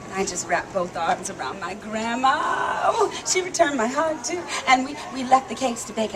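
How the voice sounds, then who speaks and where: A woman storyteller giving an animated, playful live performance at an outdoor theme park stage. She leads the audience in call-and-response and laughs often. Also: a little high, moderate pace, few pauses, crowd noise.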